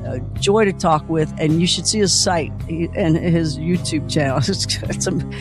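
A man's voice: on the high side, a little slow, music in the background. A man hosting a late-night radio call-in show, upbeat and chatty as he takes calls and wraps up segments. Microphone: studio microphone.

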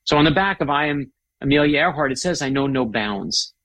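A man's voice: on the high side, fairly quick. A middle-aged man, a guest author, chatting with enthusiasm and telling stories. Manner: enthusiastic, animated storyteller. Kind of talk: casual chat.

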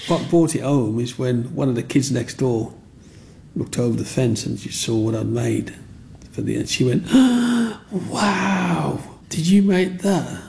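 A man tells stories from his life in an interview. He talks in an animated way, repeats himself and acts out the voices of people he quotes. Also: mid-range voice, normal speed, creaky. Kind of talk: storytelling in an interview.

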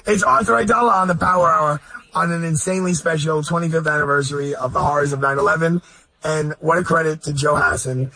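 A man hosting a heartfelt radio interview, talking in an effusive, overflowing way. His voice sits a bit high and sounds husky. He is middle-aged and often runs over his guest's answers. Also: steady tone, fast talker, pushed and bright, dry recording, rough recording. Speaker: radio host. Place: high-floor room, then a golf course.

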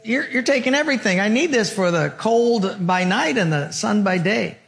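Man acting out a grumbling shepherd, higher and louder, pleading, sermon story. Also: animated, normal speed, gravelly, long reverb tail, exaggerated voice. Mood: complaining. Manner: pleading, complaining.

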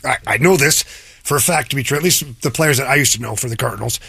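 A man's voice: medium pitch, fast, creaky, bright, forceful tone, slightly rough, dry recording. A man co-hosting a casual sports talk show, emphatic and playful, repeating his points.

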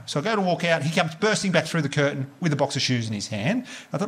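A man doing stand-up comedy, telling sweary, animated stories and slipping into voices for the people in them. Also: a little high, racing, hardly any pauses, breathy edge. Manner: animated, sweary storytelling with put-on quoted voices.

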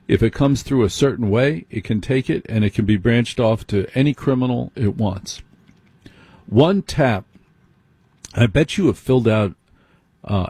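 Middle-aged male radio host, husky, dry studio sound, chatty late-night monologue that asks listeners questions. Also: medium pitch, warm tone, dry recording. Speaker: radio talk show host.

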